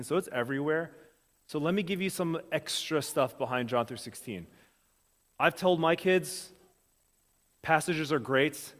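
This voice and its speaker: A man's voice: medium pitch, a bit bright. A man preaching a sermon, casual and conversational, checking in often with his congregation. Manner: casual, talks straight to the congregation with quick check-ins. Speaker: pastor. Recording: long hall reverb.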